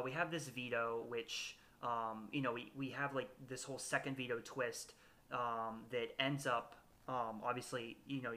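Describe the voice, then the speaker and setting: A man hosting a relaxed recap podcast, his voice bright and clear in the middle of his range. He talks casually and hesitantly, full of ums and self-corrections. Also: mid-range voice. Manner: hesitant, lots of fillers and restarts. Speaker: podcast host. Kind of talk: casual reality-show recap chat.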